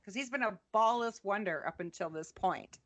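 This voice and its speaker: A woman's voice: mid-range voice, moderate pace, fairly bright tone. A woman in her forties talking politics in a heated, blunt, swearing rant, furious and fed up. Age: 40s. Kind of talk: angry casual political chat.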